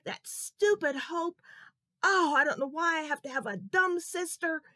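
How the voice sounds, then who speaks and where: A woman voicing an angry young boy who yells at his little sister in a children's storybook telling. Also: expressive, a little slow, no room sound, clean studio sound, heavily acted. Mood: grumbling angry. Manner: yelling, furious, high-pitched.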